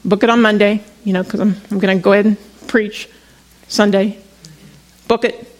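A woman's voice: medium pitch, fairly even intonation, normal speed, low-quality recording. A middle-aged woman pastor preaching in a chatty storytelling way, often restarting her sentences. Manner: conversational storytelling with frequent restarts. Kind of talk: sermon.

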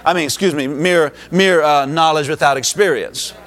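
A man's voice: on the high side, normal speed, fairly bright tone. A man from the United States preaching a sermon as pastor, emphatic, with rising exclamations.

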